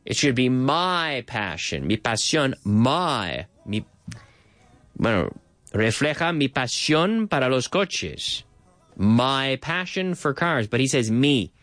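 Lively radio host explaining phrases. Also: male voice, medium pitch, slow pace, dry recording.

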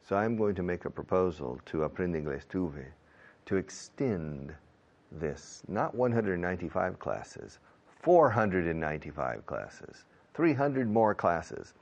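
A man's voice: sits low, big pitch swings, measured pace, gravelly, highs cut off. A man, an English teacher, talking straight to his listeners and asking for their support. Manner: persuasive, talks straight to the audience. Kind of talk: direct appeal to listeners.

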